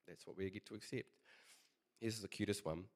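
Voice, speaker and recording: A man's voice: lowish voice, brisk. A man preaching a casual sermon, chatty and conversational, telling a story with many fillers.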